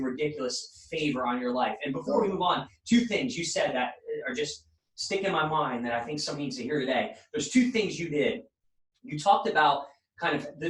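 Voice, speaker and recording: A man hosting a podcast and coaching his listeners, his voice slightly high as he preaches encouragement. He is recorded from away from the mic, in a room with a noticeable echo. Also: a bit bright. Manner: preachy, builds up inspirational phrases. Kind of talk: motivational talk. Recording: roomy, distant mic.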